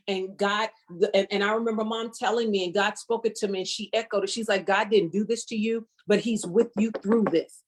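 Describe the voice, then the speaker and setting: A woman's voice: mid-range voice, fairly even intonation, fairly quick. A middle-aged woman sharing a fervent personal testimony as a guest, preacher-like and emphatic, repeating phrases for weight. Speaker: guest speaker.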